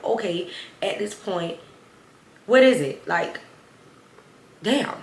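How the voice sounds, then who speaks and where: A young woman in a casual storytime vlog, talking emphatically to viewers. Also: on the low side. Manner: chatty, emphatic, addresses viewers as y'all. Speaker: storytime vlogger. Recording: roomy echo, faint ambient noise.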